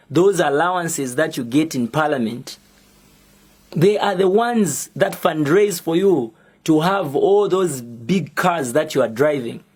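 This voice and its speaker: A young Zambian man with a Zambian accent, making a measured, defiant public statement as a musician and activist. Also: on the high side, slightly rough.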